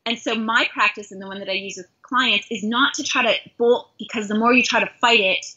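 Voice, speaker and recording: A woman's voice: fairly high pitch, fairly even intonation, fairly quick, sharp tone, husky. A middle-aged woman from Canada, a life coach, speaking in an earnest, heartfelt and self-reflective way in an interview conversation. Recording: dull lo-fi recording.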